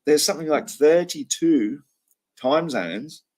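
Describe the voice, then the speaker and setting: A man's voice: fairly high pitch, animated, takes it slowly, darkish tone. A man hosting a livestream, chatting casually in a rambling way with frequent ums and restarts. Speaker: livestream host.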